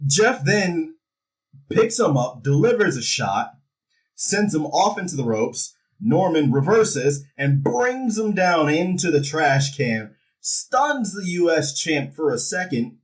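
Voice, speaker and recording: A man casually recaps a wrestling show, animated and jokey, doing comic impressions of the wrestlers' lines. His voice is on the high side and he takes it slowly. The mic is distant and the audio poor.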